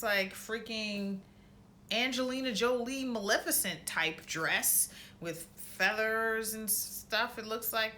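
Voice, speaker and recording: Bright-voiced woman recapping a TV episode. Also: mid-range voice, slight background noise. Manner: animated retelling with slang and profanity; acts out characters' lines in changed voices. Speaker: reaction vlogger.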